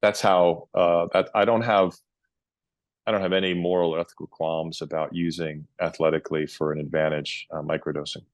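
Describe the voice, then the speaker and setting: A middle-aged man, a podcast guest, telling long rambling stories in a casual, animated way. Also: deep voice, normal speed, dry recording. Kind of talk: casual interview storytelling.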